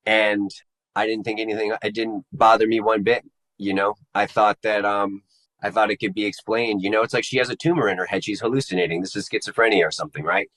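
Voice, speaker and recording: A man telling his personal story to an interviewer in a casual, halting way, searching for the right words. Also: fairly low pitch, fairly even intonation, fairly bright tone, rough recording. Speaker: interview guest. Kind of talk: personal testimony in casual conversation.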